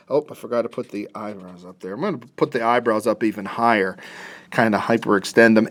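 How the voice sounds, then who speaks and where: A man's voice: medium pitch, animated, normal speed, darkish tone. Chatty, playful man teaching cartooning. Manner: chatty and playful, many fillers and restarts. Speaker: cartoonist teaching a drawing class. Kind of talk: casual drawing lesson for kids.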